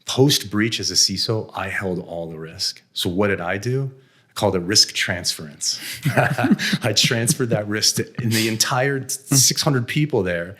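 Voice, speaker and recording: A man's voice: on the low side, a little slow, bright, forceful tone, breathy edge. A middle-aged American man, blunt and self-deprecating, telling candid stories about his career with frequent laughs and some mild swearing. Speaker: interview guest, venture investor. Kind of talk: candid conversational storytelling.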